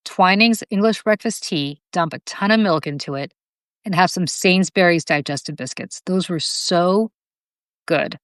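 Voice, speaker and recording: A woman in her fifties, a podcast guest, teasing and laughing often in animated casual chat. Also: fairly low pitch, clean tone, no echo.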